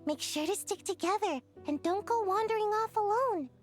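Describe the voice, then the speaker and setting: A woman's voice: very high-pitched, moderate pace. A woman voicing an earnest, caring little girl who fusses over everyone, in a video game. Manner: fussing, caring. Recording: game audio with music behind.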